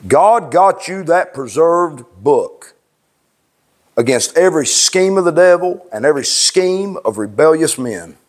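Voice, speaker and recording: A man pastoring a congregation, his voice sitting high for a man. He preaches plain and fervent, sliding from low, confiding talk into raised, shouted lines. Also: lively intonation, measured pace. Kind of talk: sermon. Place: church.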